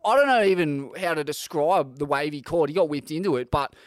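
A young man with an Australian accent trades brash, sweary banter as a podcast co-host. His voice sits a bit high for a man, and it is recorded dry and close-miked. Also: fairly quick, dry recording. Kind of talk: casual chat.

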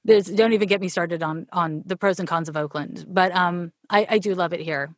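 A woman's voice: lowish voice, fairly quick, no room sound, studio quality. A woman from Canada with a Canadian accent, chatting casually as an interview guest and laughing often. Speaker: podcast guest, astrologer.

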